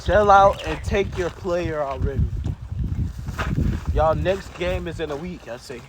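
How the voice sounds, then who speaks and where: A man's voice: on the high side, unhurried, background noise. A man improvising a what-if story in casual chat, trading playful trash talk and swearing freely. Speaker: co-host.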